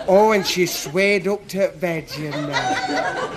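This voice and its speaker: Chuckling stand-up comic. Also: male voice, sits high, wildly swooping pitch, very slow, long pauses, very noisy. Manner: chuckling, chatty, dialect-heavy. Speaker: stand-up comedian. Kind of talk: stand-up comedy storytelling. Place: comedy stage.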